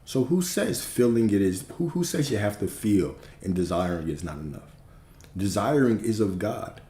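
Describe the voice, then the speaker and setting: A man gives a spiritual talk in an emphatic, preacherly way, repeating his points and dropping the odd swear word. His voice sits low and sounds dark and mellow. The recording is roomy, with a noticeable echo. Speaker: spiritual teacher. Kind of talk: livestream teaching.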